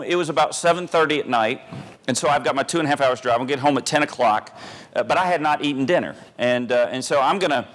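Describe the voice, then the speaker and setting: A man telling a self-mocking comic story on stage, animated and full of pauses and restarts. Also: on the high side. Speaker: humorous keynote speaker.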